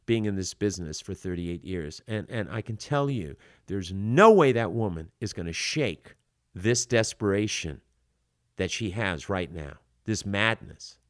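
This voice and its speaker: Emphatic man with a low voice, dry sound. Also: unhurried, no room sound. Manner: animated, emphatic, frequent filler words. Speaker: acting coach podcast host. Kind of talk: podcast advice talk.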